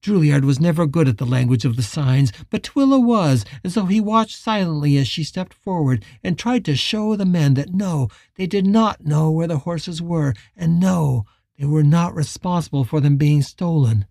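A man reading a western novel chapter aloud as an audiobook narrator, measured and dramatic. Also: on the high side, lively intonation, creaky, dark tone, dry recording, clean studio sound. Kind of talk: scripted narration.

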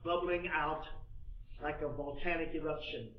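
A male preacher with a high voice delivers an animated sermon and acts out the scripture dialogue himself. He is heard from a distance in an echoey room. The sound is dull and muffled. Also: moderate pace. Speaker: pastor.

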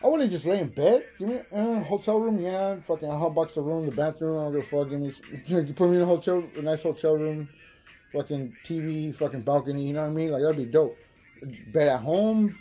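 A young man hosting a casual stoner podcast, high, rambling and profane, laughing often. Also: a little fast, mellow. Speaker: podcast host.

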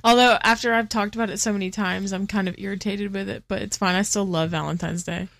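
A woman's voice: mid-range voice, fairly even intonation, fast talker, gravelly, fairly bright tone, dry recording. Teasing young woman podcast co-host. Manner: teasing, bubbly, laughs often. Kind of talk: casual chat. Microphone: studio headset mic.

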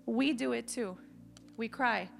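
A woman in her thirties preaching a sermon to young people, animated and emphatic. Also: fairly high pitch, slow, vocal fry, soft background music. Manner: animated, acts out quotes, rising to emphatic declarations. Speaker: youth preacher.

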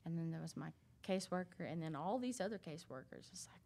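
Woman, lowish voice, stops and restarts a lot, just chatting about her life. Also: animated, vocal fry, mellow. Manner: halting, many fillers and restarts. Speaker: interview guest sharing a recovery story. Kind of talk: casual storytelling.

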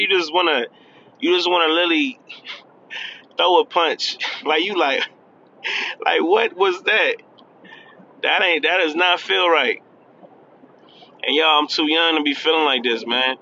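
A man's voice: fairly high pitch, bright, forceful tone, lo-fi sound, slight background noise. A man of thirty talking in a casual, chatty vlog from his car, laughing and admitting he is nervous. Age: 30s. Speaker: vlogger. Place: in a car on the freeway.

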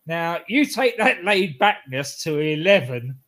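A man with a slightly raised voice co-hosts a relaxed podcast chat. He winds through rambling anecdotes with restarts and chuckles at his own punchlines. His tone stays easygoing and conversational. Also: fairly high pitch, measured pace. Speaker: podcast co-host. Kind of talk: casual wrestling podcast chat.

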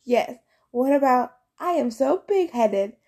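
A woman's voice: sits high, lively intonation, slow, warm tone, slightly rough, heavily acted. A woman voicing a stern, commanding huntress goddess in an audiobook, curt and firm.

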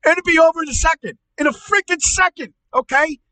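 Man playing an angry uncle, very high voice, piercing and tense, profane stammering rant. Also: a little fast, pushed and bright, no room sound, poor audio. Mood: furious. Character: loud ranting angry middle-aged uncle. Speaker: comedy podcast character.

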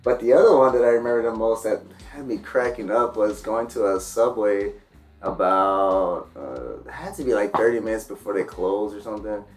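A man's voice: fairly low pitch, moderate pace, soft background music. A man telling funny stories in a casual podcast chat, acting out the people in them. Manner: animated, acts out the people in his stories.

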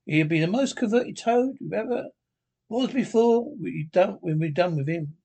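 A man's voice: high-pitched, expressive, moderate pace, vocal fry, mellow, exaggerated voice. A man voicing an eager, good-hearted male water rat who talks heartily.

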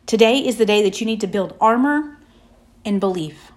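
A woman giving a faith-based motivational talk, speaking in emphatic, repeated affirmations with slow, drawn-out pauses. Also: medium pitch, lively intonation.

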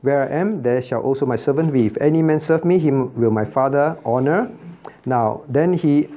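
A man's voice: medium pitch, normal speed. A man, a pastor teaching a Bible study who keeps asking the class questions and repeating key points. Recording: dull lo-fi recording.

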